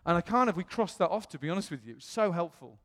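British pastor in a reverberant hall. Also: male voice, high voice, quick pace. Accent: British English. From England. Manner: animated, acts out quoted voices. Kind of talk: storytelling sermon.

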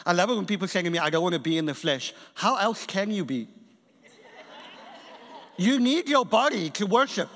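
A man's voice: sits high, normal speed, long pauses, a faint crowd. A man preaching a sermon in a church, telling a story and acting out the people in it. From England and South Africa. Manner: animated storytelling preacher, acts out quotes. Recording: church hall reverb.

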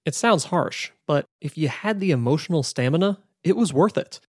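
A man's voice: fairly high pitch, lively intonation, normal speed, breathy edge, no room sound. Man narrating in a dry, close voice. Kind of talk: scripted narration.

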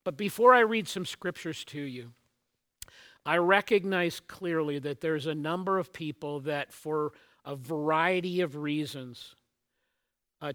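A man's voice: a little high, a bit bright. A man pastor delivering a sermon, earnest and teaching, opening with a joke story before addressing his congregation. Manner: earnest, storytelling opener then teaching, occasional restarts.

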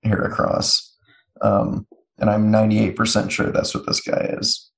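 A man's voice: lowish voice, completely flat delivery, normal speed, vocal fry. A man co-hosting a casual podcast chat, rambling and joking as he describes a show character. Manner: rambling, self-interrupting, jokey. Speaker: podcast co-host.

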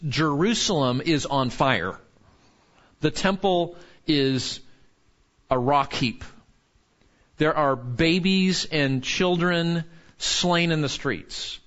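A man's voice: on the high side, fairly bright tone, dull audio. A man teaching a Bible study in a conversational sermon, earnest, asking the group questions and restarting his sentences.

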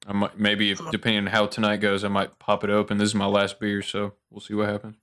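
A man's voice: on the low side, completely flat delivery, quick pace, a bit bright. A man hosting a casual podcast chat over beers, talking in a loose, rambling way. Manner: rambling, loose, laughs easily. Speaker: podcast host.

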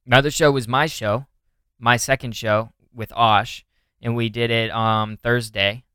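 A young man from Northern California, a comedian co-hosting a podcast, chatting in a loose, rambling way. He keeps restarting and acting out what people said. His voice is very smooth and resonant, and it sounds dry and close. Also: mid-range voice, steady tone, measured pace, pushed and bright, dry recording. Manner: rambling, lots of "like" and restarts, acts out quotes. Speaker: podcast co-host; stand-up comedian. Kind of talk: casual chat.

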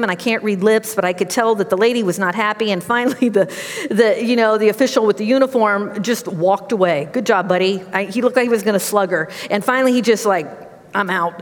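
A woman's voice: fairly high pitch, brisk. Middle-aged woman preaching in a reverberant hall. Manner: conversational storytelling, animated. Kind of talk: sermon with personal stories.

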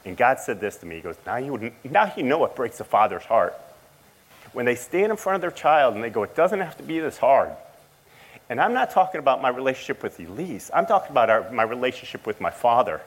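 A middle-aged man sharing an emotional personal testimony as a father, speaking haltingly with frequent restarts. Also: medium pitch, very animated, low-quality recording. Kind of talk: personal testimony to a church audience.

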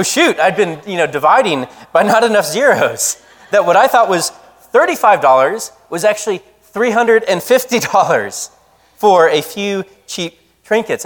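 A man preaching a sermon, telling a story in a lively, conversational way. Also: fairly high pitch, big-room sound. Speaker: pastor.

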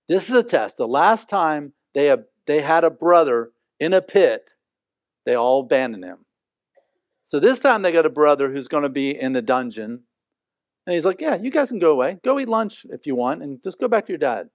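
Guy preaching, kinda high voice, chatty and animated, dull dry sound. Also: dry recording. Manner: animated, explains scripture conversationally, acts out quoted lines. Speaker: pastor. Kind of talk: sermon.

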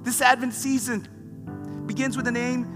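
A man's voice: very high-pitched, fairly even intonation, moderate pace. A man preaching a sermon, retelling scripture stories with rising fervor. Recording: long reverb with music behind.

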